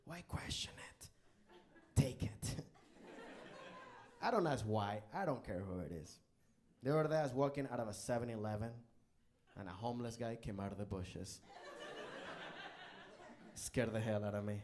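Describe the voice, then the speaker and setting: A man doing a live stand-up comedy set on a club stage, animated and bursting into loud character voices. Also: on the low side, moderate pace, long pauses.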